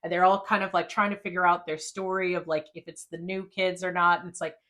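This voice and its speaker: A woman's voice: fairly low pitch, little pitch movement, fast, a bit bright. A woman hosting a podcast and chatting casually as she recaps an episode, talking animatedly, swearing freely and acting out lines. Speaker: podcast host.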